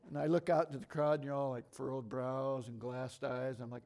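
A middle-aged man teaching from scripture to a congregation in a lively, conversational way, asking the room questions as he goes. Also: medium pitch. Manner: lively, conversational, talks fast and asks the audience questions. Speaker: bible teacher.

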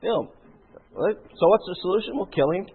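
A man preaching with a husky, somewhat high voice that rises and falls in lively swings. He talks conversationally, with rhetorical questions and frequent throat clearing. The sound is thin and tinny, like a phone line. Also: moderate pace. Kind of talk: sermon.

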